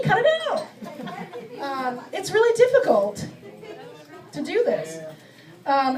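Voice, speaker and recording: A middle-aged woman doing a stand-up comedy set, self-mocking and acting out her bits with quick shifts of voice. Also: on the high side, distant mic, low-quality recording. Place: comedy club stage before a live audience.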